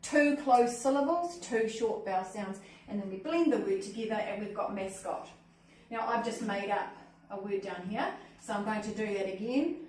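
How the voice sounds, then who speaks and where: In an echoey room picked up by a far-off mic with some faint noise, the woman guides her hands-on literacy workshop. She speaks at normal speed with a medium, slightly mellow voice, cheerfully checking in with "okay?" and "cool?"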